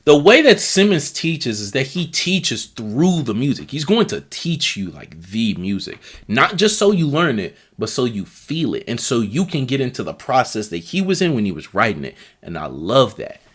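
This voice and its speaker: This man's mid-range voice swings widely in pitch, sounding a bit bright and slightly rough, and he keeps a moderate pace with hardly any pauses. Hosting a live stream, he reacts to marching band videos while band music plays. He rambles casually and often repeats himself while searching for names.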